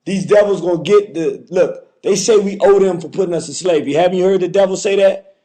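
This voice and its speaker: Fervent high-voiced call-in host. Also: male voice, a little fast, warm tone. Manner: fervent, repetitive, preacher-like cadence. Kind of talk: call-in show.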